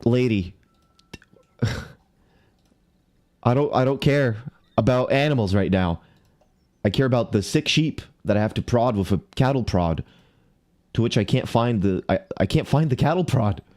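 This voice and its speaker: A man's voice: mid-range voice, expressive, normal speed, pauses often, darkish tone. A man livestreaming a game, talking to himself and greeting viewers, mildly exasperated as he searches around. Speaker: streamer. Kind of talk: casual live game commentary.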